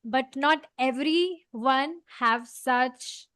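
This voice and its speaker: A woman's voice: sits high, drawn-out words, a bit bright, no room sound. A woman leading a devotional scripture class, explaining earnestly with many fillers. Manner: earnest, explaining, frequent "you know" fillers. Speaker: study group leader.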